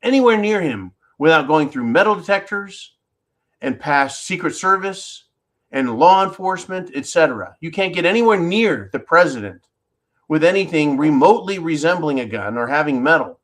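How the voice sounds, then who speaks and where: A man's voice: fairly high pitch, animated, normal speed, fairly bright tone. A man hosting a solo commentary show, talking in an indignant, emphatic way and repeating words when stirred up. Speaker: political commentary host.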